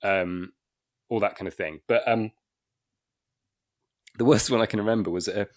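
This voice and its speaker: A comedian in his forties from Wakefield, England, is a guest on a laid-back podcast, telling rambling anecdotes full of restarts and chuckles. He speaks at normal speed in a fairly low voice.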